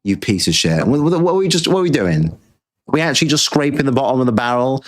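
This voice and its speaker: A man's voice: mid-range voice, lively intonation, fast talker. A British man hosting a livestream, talking in a crude, sarcastic, ranting way. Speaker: streamer host. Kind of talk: livestream rant.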